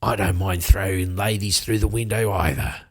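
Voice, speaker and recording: A man voicing a gruff, threatening tavern brawler with a gravelly voice. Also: sits low, moderate pace, pitched below the performer's own voice.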